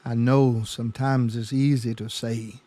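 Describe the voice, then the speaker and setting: A man's voice: medium pitch, little pitch movement, a little slow, dark tone. A man pastor teaching a Bible study sermon, emphatic, often repeating words as his passion builds. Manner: emphatic, stammering repetitions, rising passion.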